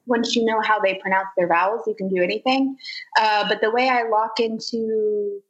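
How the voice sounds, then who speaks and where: Brief: animated guest, a woman of middle pitch who voices characters, chatty and quick to laugh. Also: dull audio. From Zimbabwe. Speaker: guest, voice actor. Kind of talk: casual interview.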